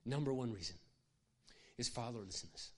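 An older male pastor preaches with passion in a mid-pitched voice. He tells stories conversationally and breaks off for asides to the congregation. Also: normal speed, a bit bright. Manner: impassioned, conversational, with asides to the audience. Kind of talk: sermon storytelling.

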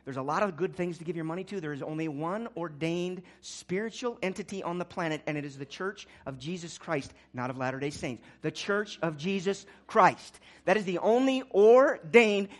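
A man preaching a sermon as pastor, swinging between quiet, low asides and loud, urgent exclamations. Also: animated, normal speed, few pauses.

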